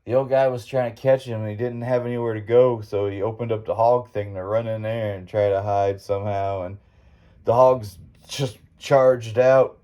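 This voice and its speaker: A man's voice: fairly low pitch, steady tone, normal speed, warm tone. A middle-aged man hosting a podcast, telling a rambling, folksy childhood story with some swearing. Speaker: podcast host. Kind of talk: casual storytelling monologue.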